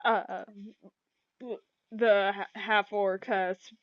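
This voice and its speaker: Game master voice, halting and muffled. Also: mid-range voice, little pitch movement, clean tone, no room sound. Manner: hesitant, many fillers and restarts. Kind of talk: narrating a tabletop game over voice chat. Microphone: online voice chat.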